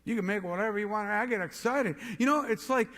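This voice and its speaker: A man giving a motivational keynote speech, telling an excitable story and rising to shouts. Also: sits high, fast talker, big-room sound. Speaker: motivational speaker.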